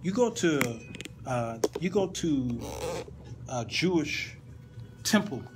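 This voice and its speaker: A man's voice: a little high, lively intonation, takes it slowly, very noisy. A man hosting an informal Sunday school Bible lesson in a conversational way, often repeating and restarting words and making playful asides to his listeners.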